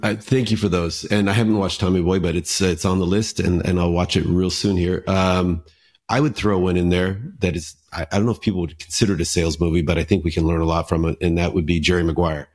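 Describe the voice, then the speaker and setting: A man hosting a casual podcast interview, asking questions with many fillers and pauses. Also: low-pitched, fairly even intonation, a little mellow. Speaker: podcast host.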